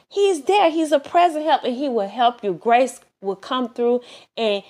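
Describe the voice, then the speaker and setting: A woman's voice: sits high, a little slow, darkish tone. A woman preaching a sermon, urging listeners earnestly, repeating herself and restarting phrases as she goes. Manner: earnest, repetitive exhortation with many restarts.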